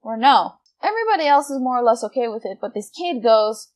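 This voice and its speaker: Animated young woman telling a story. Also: a little high, fairly quick, few pauses. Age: 20s. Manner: animated, swears casually, breaks into laughter. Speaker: gaming vlogger. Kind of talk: casual storytime narration.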